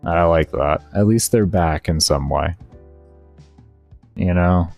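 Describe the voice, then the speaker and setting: A man's voice: low voice, takes it slowly, vocal fry, a little mellow. A male streamer in laid-back, slangy casual chat, talking to his viewers. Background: faint background music.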